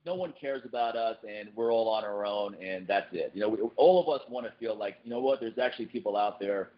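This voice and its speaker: A man hosting a podcast in casual chat, animated, his voice jumping up high whenever he quotes someone. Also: brisk. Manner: animated, jumps up in pitch when quoting people. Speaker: podcast host. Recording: dull lo-fi podcast recording.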